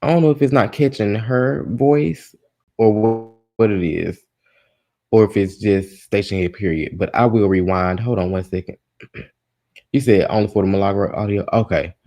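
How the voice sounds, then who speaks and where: A man's voice: on the low side, moderate pace, warm tone. A man hosting a live gossip stream, chatting casually with his listeners, exasperated and swearing freely. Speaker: host of a live gossip show.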